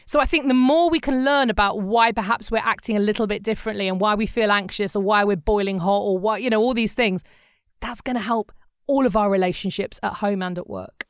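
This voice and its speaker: A woman's voice: medium pitch, fairly quick, clean tone, no echo, clean studio sound. A middle-aged woman co-hosting a podcast in casual chat, telling stories with animation and acting out the voices of people she quotes. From England. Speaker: podcast co-host.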